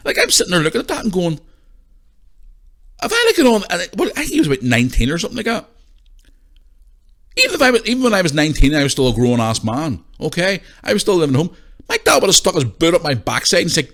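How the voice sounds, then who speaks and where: A man's voice: sits high, wildly swooping pitch, fast, fairly bright tone. A man hosting a podcast, ranting his opinions in a blunt, sweary, casual way. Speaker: podcast host.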